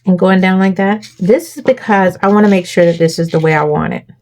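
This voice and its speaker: A woman's voice: medium pitch, brisk, a little mellow. A woman hosting a crafting tutorial, walking viewers through each step and checking in with them often.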